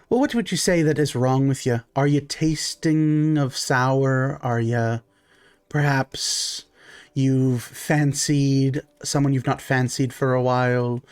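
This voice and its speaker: A man's voice: medium pitch, darkish tone, clean tone, natural voice. A man voicing a tiny, greedy pixie priestess who swindles people with pompous, foul-mouthed talk. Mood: prying.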